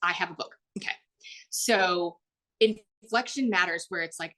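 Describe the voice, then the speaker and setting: A woman leading an online workshop, heard through a video call microphone. She talks in a loose, chatty way, leaning on "like" and "um". She jumps high in pitch whenever she acts out the people she quotes. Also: unhurried, sharp tone. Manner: chatty, frequent "like" and "um". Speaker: webinar presenter. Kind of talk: live online workshop talk.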